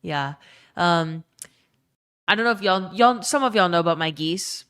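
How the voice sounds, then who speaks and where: A woman's voice: on the low side, a little slow, a bit bright, clear, resonant tone. A woman live streamer chatting casually with her chat, answering them and telling a tender story, with lots of "um" and "like" and some swearing.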